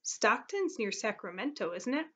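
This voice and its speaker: A woman's voice: a little high, sing-song, moderate pace, sharp tone, husky, full character voice. Friendly young schoolgirl, read by a woman. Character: friendly seventh-grade girl.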